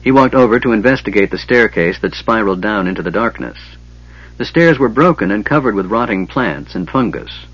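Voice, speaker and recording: A man narrating a fantasy audiobook in a measured, even storytelling manner. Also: on the low side, husky, no room sound. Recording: dull lo-fi recording.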